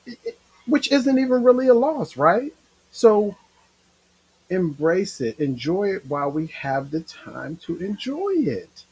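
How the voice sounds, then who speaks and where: Husky, animated middle-aged man talking casually. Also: sits high, poor audio. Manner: emotional, rambling, animated. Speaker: livestream show host. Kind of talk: casual livestream monologue.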